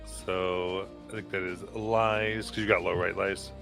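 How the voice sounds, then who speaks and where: A man's voice: low voice, little pitch movement, unhurried, creaky, over music. A man running a tabletop role-play game as game master, rambling and stammering through restarts.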